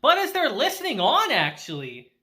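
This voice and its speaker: A woman casually recapping an anime episode, laughing often and acting out the characters. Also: high-pitched. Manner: laughs often while retelling; animated, acts out characters in quick asides. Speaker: anime reviewer.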